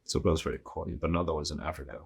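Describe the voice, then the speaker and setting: A man's voice: rumbling low, steady tone, rapid-fire, creaky, slightly rough. A man hosting a casual solo podcast, talking bluntly with profane jokes. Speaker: podcast host.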